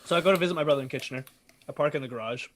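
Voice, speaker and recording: A man co-hosting a podcast, telling an animated story in casual chat and swearing freely. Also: a little high, racing. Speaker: podcast co-host.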